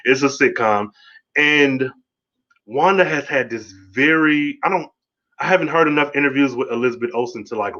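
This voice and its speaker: A man hosting a podcast, giving a casual, rambling solo review of a TV episode, excitable and swearing freely. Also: medium pitch, dull audio.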